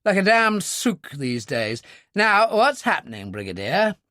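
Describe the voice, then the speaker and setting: A man voicing a blunt, grumbling upper-class British gentleman. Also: high voice, sing-song, a little slow, no room sound, clean studio sound, pitched above the performer's own voice, exaggerated voice.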